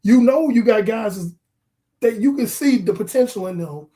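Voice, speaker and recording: Podcast co-host, male, high voice, animated and joking, casual sports talk. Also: normal speed. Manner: animated, joking, acts out movie scenes.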